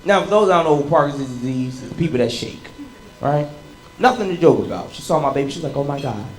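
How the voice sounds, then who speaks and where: A man in his thirties performing a stand-up comedy set, telling animated stories and shouting into bits. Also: fairly high pitch, quick pace, over music, poor audio. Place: comedy club stage with live audience. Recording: live room with loud crowd laughter.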